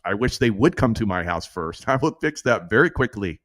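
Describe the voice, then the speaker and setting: A brash middle-aged man talks through casual political commentary in a low voice. He laughs often and mimics his critics with quick put-on voices. The recording is dry and close. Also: expressive, a bit bright, dry recording. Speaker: show host.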